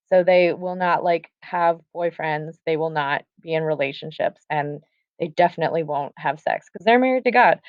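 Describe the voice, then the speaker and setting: A woman's voice: fairly low pitch, no echo, highs cut off. A woman teacher casually retelling a play, reading lines aloud and paraphrasing them in modern slang.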